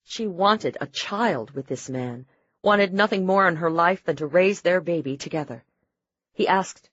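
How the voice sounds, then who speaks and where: A woman narrating an audiobook in a measured, steady reading. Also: sits low, no room sound, lo-fi sound. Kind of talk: scripted narration.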